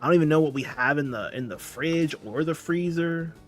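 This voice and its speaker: Young guy on stream, kinda tired, rambly chatty voice a bit high, soft music behind. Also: fairly quick. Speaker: streamer reading chat. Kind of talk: casual livestream chat. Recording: music playing faintly behind. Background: faint background music.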